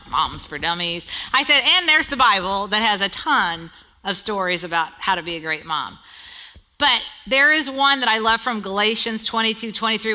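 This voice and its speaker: Bright-voiced woman preaching a sermon. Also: fairly high pitch. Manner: conversational preaching with rhetorical questions and humor.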